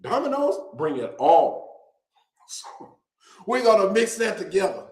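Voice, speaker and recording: A man hosting a casual show, talking to viewers in an animated, joking way and drawing out words for emphasis. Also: high voice, measured pace, roomy sound, poor audio. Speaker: host. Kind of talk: casual direct-to-camera promo talk.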